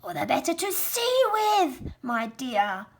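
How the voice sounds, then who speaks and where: A sly big bad wolf from a storybook, luring in a slow, sugary, coaxing voice, as a woman puts him on. The voice sounds a little breathy. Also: high-pitched, very animated, exaggerated voice. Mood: fake granny. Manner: slow, sweet, coaxing tones.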